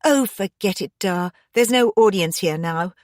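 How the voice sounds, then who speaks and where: A woman voicing a young married woman in an audiobook, sharp and pleading with her father. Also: medium pitch, measured pace, no room sound, clean studio sound, lightly acted. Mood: angry. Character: young married woman, angry and hurt daughter.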